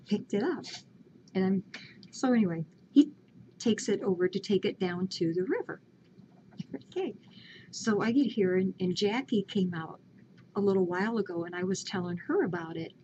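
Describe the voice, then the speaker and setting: Mellow-voiced woman telling a story. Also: mid-range voice, slight background noise. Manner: animated, laughing often, dramatic retelling. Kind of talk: casual storytelling. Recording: lo-fi home video with faint ambience.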